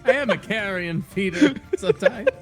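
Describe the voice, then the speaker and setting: A man's voice: high voice, lively intonation, normal speed. A man playing a tabletop game, goofy and playful. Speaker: game player. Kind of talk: casual game table chat.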